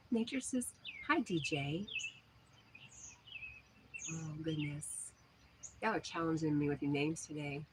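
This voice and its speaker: A chatty woman hosts a casual livestream from her back porch, reading out viewer comments. Her voice sits a little low. Birds sing clearly in the outdoor noise behind her. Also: takes it slowly, long pauses. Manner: reads viewer comments aloud, chatty and friendly. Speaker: livestream host. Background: birdsong and outdoor ambience.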